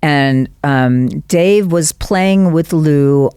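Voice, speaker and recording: Lively rambling woman telling stories. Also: sits low, extremely slow, clean tone, dry recording, studio quality. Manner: lively, rambling, acts out quoted voices. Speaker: guest, actress. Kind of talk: casual chat, anecdotal storytelling. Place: podcast studio.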